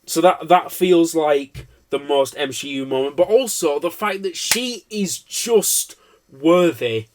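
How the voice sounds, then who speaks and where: A man's voice: on the high side, expressive, slow pace, slight background noise. A man giving an unscripted film review, rambling, swearing and cutting himself off mid-thought. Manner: rambling, profane, self-interrupting.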